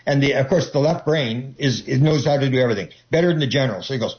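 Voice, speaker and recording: A man's voice: medium pitch, fast, hardly any pauses, dull audio. A man talking casually as an interview guest, rambling with many restarts and acting out the voices he quotes.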